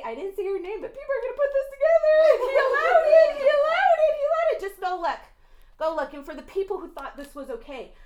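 A young woman preaching an impassioned sermon, swinging between low, intense scolding and loud, laughing outbursts.

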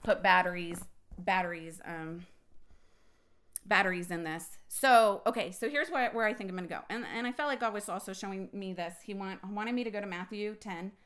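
A woman's voice: medium pitch, normal speed. Emphatic woman preaching in an echoey room. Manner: emphatic, swings from quiet to loud and excited. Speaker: podcast host and preacher. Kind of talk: impassioned personal sermon. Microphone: phone recording.

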